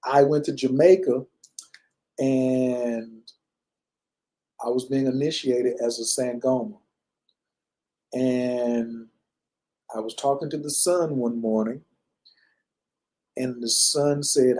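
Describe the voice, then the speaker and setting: A man in his fifties tells his own story in a loose, rambling, conversational way, leaning on fillers as he goes. His voice is mellow and dark, and he speaks at a middling pitch. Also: steady tone, slow, long pauses, rough recording. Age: 50s. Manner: loose, conversational, many fillers and "you know". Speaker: personal storyteller. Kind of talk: casual personal storytelling. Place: lives in Bali.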